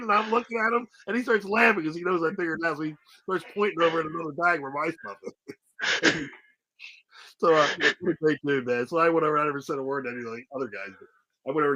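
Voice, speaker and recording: A middle-aged man telling casual stories in an interview, animated, swearing freely and laughing often. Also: fairly high pitch, poor audio. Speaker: interview guest, former wrestler. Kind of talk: casual storytelling.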